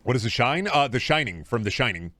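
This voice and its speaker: Young male streamer, casual and profane, rambles with sudden loud spikes of excitement, mid-pitched voice. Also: quick pace, faint music behind. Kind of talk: casual gaming stream chat.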